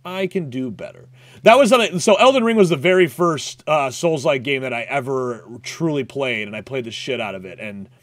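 A man commentating his own playthrough of a retro game, excitable and swearing, yelping and laughing as he plays. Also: medium pitch, normal speed, dry recording, clean studio sound. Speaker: gaming YouTuber. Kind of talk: let's play commentary.

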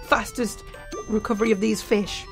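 A woman hosting a let's play, giving excitable gameplay commentary into a desk microphone, often shouting and laughing at the game. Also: mid-range voice, normal speed, gravelly, soft background music.

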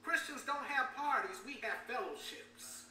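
A woman's voice: high-pitched, lively intonation, a little slow, sharp tone. A woman pastor preaching a sermon in a church, often repeating her words and calling out for amens from the congregation. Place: church sanctuary. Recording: echoey room, distant mic, faint hum.

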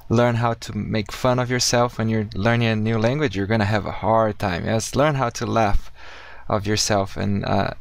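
A man teaching English in a casual video lesson, upbeat and friendly, slowing down to model each correct phrase. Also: on the low side, vocal fry.

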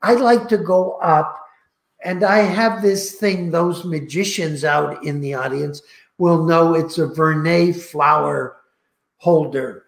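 An older man slowly telling heartfelt stories about his work, recorded on a video call. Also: on the high side, steady tone, gravelly, roomy sound. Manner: slow, heartfelt, emotional anecdotes. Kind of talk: casual storytelling.

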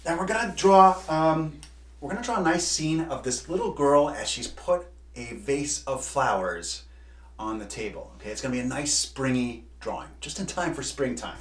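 A man's voice: fairly high pitch, animated, moderate pace. A man who writes and illustrates children's books, reading a story aloud and then leading a drawing lesson with encouraging teacher talk. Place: home art studio. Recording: roomy studio.

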